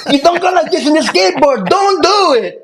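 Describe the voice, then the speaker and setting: A man impersonating a strict, excitable male drill instructor with a Cuban accent, yelling warnings in a shrill, high-pitched voice. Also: fairly quick, slight background noise, heavily acted. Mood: screaming warning. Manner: frantic barking warnings.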